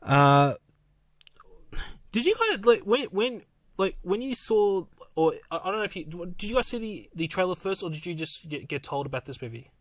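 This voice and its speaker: A man with a fairly high voice chats on a film-review podcast. He stumbles through false starts and breaks into exclamations as he reacts. The sound is dry and close, with almost no room in it. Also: big pitch swings, moderate pace, dry recording. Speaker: podcast co-host. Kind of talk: casual film-review chat.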